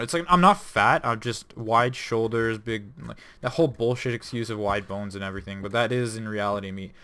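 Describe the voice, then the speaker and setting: A man's voice: lowish voice, bright, forceful tone, clean tone. A young man hosting a gaming channel, telling a rambling personal story with lots of swearing and self-corrections. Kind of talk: casual storytelling over gameplay.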